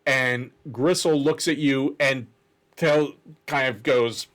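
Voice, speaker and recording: A man narrating as game master of a tabletop game in a deliberate, descriptive way. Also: mid-range voice, steady tone, a bit bright.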